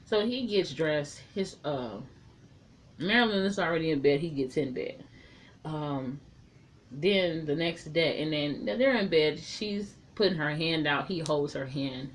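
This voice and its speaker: A woman's voice: low-pitched, measured pace. A woman casually recapping and reviewing a TV episode, chatty and frank, swearing freely.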